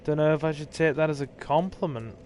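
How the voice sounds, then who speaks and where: A man's voice: fairly high pitch, steady tone, fairly quick, a little mellow, a little hiss or hum. A man, casually commentating a livestreamed game with dry, self-deprecating remarks to his chat, dry-mouthed from thirst. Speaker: gaming streamer.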